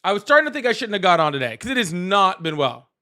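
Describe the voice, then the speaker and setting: A man hosting a live political call-in stream, excitable and chatty, laughing often and thanking viewers at length. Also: sits high, fast. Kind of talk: casual live-stream chat.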